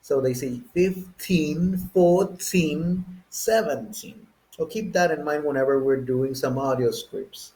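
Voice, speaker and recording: A man with a Texan accent, from the Chihuahua and Texas border area, teaching an English coursebook lesson slowly and deliberately, counting item by item. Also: mid-range voice, fairly even intonation, a little mellow, rough recording. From Chihuahua–Texas border region.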